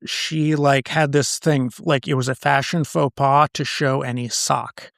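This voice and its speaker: A man's voice: medium pitch, fairly even intonation, measured pace, creaky, a bit bright, dry recording. A man co-hosting a casual chat, dry and skeptical, teasing his partner. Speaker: podcast co-host.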